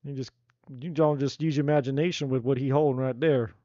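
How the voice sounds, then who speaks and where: A man giving a live tarot reading in a blunt, animated, slangy way. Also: medium pitch, fast, no echo, muffled recording. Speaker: tarot reader.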